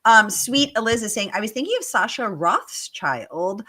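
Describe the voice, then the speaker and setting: A woman's voice: medium pitch, big pitch swings, normal speed, bright, forceful tone. A woman hosting a livestreamed author Q&A, gushing and enthusiastic as she reads viewer questions and praise aloud. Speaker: host.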